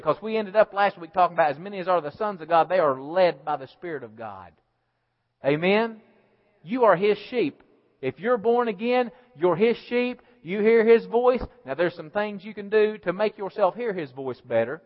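A male pastor preaching a sermon, swinging between loud emphatic lines and quiet asides to the congregation. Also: high voice, lively intonation, moderate pace. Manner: preaching with call-and-response asides, rising and falling in volume. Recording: dull lo-fi sound with long hall reverb.

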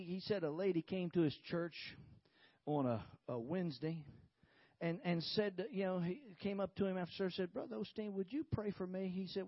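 A man's voice: sits high, no room sound, lo-fi sound. A man preaching a sermon, telling a story with many repeated "he said"s and hallelujahs. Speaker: pastor.

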